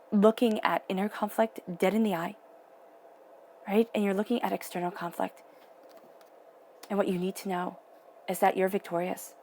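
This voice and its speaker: A woman's voice: lowish voice, a little mellow, slight background noise. A young adult woman giving an emotional, earnest tarot reading, sometimes dropping to a near-whisper. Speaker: tarot reader.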